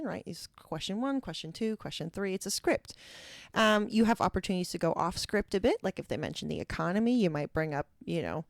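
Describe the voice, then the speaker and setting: A middle-aged woman from Alaska and Minnesota speaks as an interview guest in a low, gravelly voice. She talks reflectively and lively, sometimes dropping into quick playful impressions. The sound is close and dry, with no room around it. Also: no room sound. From Alaska and Minnesota, USA. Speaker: guest, keynote speaker and facilitator. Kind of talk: conversational interview talk.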